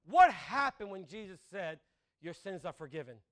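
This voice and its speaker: Male pastor, high and very expressive pitch; conversational sermon, quick laughs, asks the room questions. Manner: conversational, rhetorical questions, laughs at own jokes. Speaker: preacher.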